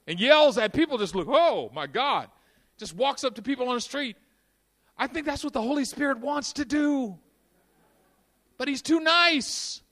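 A man preaching a sermon, moving between quiet intimate passages and loud, fervent stretches. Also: very high-pitched, animated, moderate pace. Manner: dynamic, swings from hushed to shouting.

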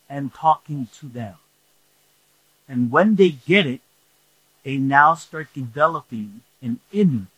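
Slow, husky-voiced male preacher. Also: mid-range voice, a bit bright, no echo, rough recording. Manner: repeats points, asks the room "right?". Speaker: pastor. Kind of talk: sermon.

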